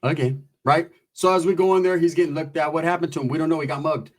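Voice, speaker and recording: A man from California telling a profane story and acting out the people in it with animated voices. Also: fairly high pitch, quick pace. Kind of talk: storytelling stand-up.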